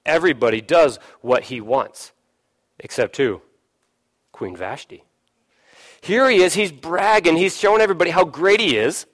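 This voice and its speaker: A man's voice: moderate pace, pauses often. A man preaching a sermon, putting questions to his listeners and briefly acting out voices from the story. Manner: lively preaching, asks the listeners questions, acts out voices, drops low for emphasis. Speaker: pastor.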